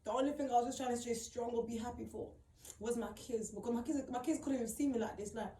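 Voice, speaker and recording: A woman's voice: on the high side, fairly even intonation, fast talker, mellow, slight background noise. A young woman telling her own painful story, tearful and upset, rambling and repeating herself with emphatic slang. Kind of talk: emotional personal testimony. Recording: roomy, mic at a distance.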